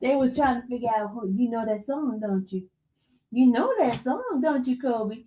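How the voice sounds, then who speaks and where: A woman streamer chatting casually to her viewers and her dog, animated and full of exclamations. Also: a little high, moderate pace, husky. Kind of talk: casual live stream chat.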